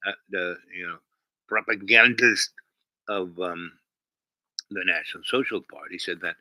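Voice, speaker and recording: A man's voice: deep voice, measured pace, sharp tone, no room sound, low-quality recording. A man hosting his own channel, telling a rambling casual story with many fillers and restarts. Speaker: channel host.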